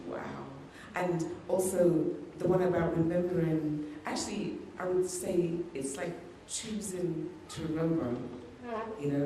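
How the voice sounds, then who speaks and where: A woman with a low voice and dark tone performs spoken word poetry in a Guyanese Caribbean patois accent, her delivery rhythmic and emphatic. The mic is distant, picking her up from afar in an echoey hall with slight background noise.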